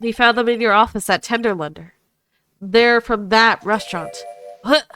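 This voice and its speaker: A woman's voice: fairly high pitch, normal speed, bright, forceful tone, faint music behind. A woman voicing an earnest young male defense lawyer, asking firm, pressing questions. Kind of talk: voicing game text in a playthrough.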